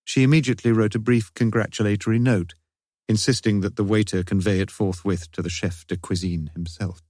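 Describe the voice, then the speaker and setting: A man reading an audiobook detective novel in a measured, wry narration. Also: on the low side, steady tone, a little mellow, no echo, studio quality. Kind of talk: scripted narration.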